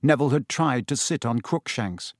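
A man narrating a storybook in a steady, measured storytelling manner. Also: medium pitch, no echo, clean studio sound. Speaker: audiobook narrator.

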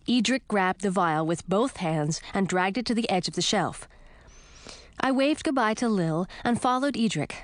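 Animated woman reading a storybook. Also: mid-range voice, normal speed, dry recording. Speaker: audiobook narrator. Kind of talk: storybook narration.

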